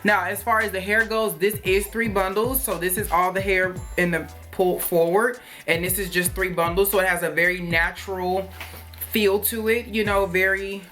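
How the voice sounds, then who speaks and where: Bright, chatty woman vlogger. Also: mid-range voice, steady tone, normal speed. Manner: chatty and rambling, with many fillers and asides; playful, jokes and laughs. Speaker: hair review vlogger. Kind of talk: casual product review chat. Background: faint music.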